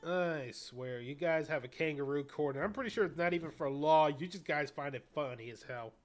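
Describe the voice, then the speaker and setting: A man's voice: a little high, brisk, soft background music. A man streaming a game, chatting casually and cracking jokes while he reads dialogue aloud. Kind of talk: casual game playthrough chat.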